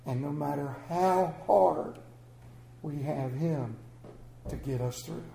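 A pastor who tells stories emotionally in a church sermon, swinging from hushed to booming. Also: male voice, takes it slowly, gravelly, a little hiss or hum. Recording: roomy church echo.

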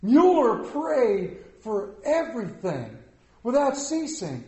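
A middle-aged male pastor with a fairly high voice preaches a sermon in a church. He tells folksy, self-deprecating stories. His voice echoes around a roomy hall. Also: wildly swooping pitch, slow, warm tone.

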